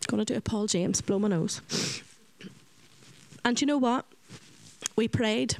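A woman with a Northern Irish accent tells the story of a child in her care as an earnest faith testimony. Her voice sits fairly high. The recording is dry and close, with no room sound. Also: unhurried, vocal fry, pauses often, a little mellow, no echo, poor audio. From Northern Ireland. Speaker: children's home director. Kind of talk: personal faith testimony talk.

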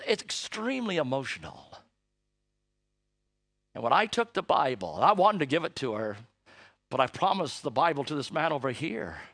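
An older man preaching a sermon, telling an emotional story and building to loud, forceful emphasis. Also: a little high, no room sound. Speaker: missionary preacher.

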